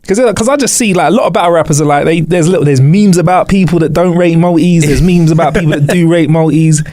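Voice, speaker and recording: A British podcast host talks quickly in a fairly high voice, with jokey, swearing asides. The sound is dry and close. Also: male voice, darkish tone, no room sound. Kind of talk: casual podcast chat.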